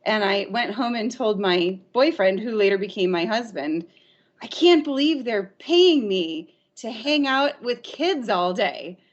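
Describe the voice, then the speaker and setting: A woman from Arizona, a teacher, telling stories in a podcast interview, lively and often laughing. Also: medium pitch, muffled recording. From Arizona, USA. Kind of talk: storytelling in an interview.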